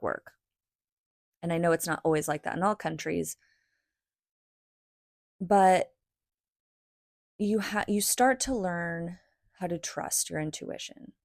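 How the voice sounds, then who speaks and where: A low-pitched woman in her thirties with a gravelly edge to her voice. She talks in an earnest, chatty way on her own podcast. The sound is dry and close, with no room around it. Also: a little mellow, no room sound. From United States. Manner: earnest and chatty, fond of "right?" and "like". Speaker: podcast host. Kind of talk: reflective solo talk on spirituality.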